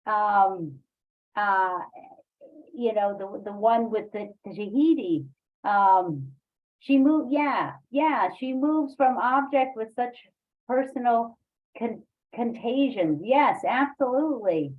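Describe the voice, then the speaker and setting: A woman leading a poetry workshop, talking haltingly with many fillers and restarts. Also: on the high side, expressive, phone-quality sound. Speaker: workshop leader. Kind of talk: online poetry workshop discussion.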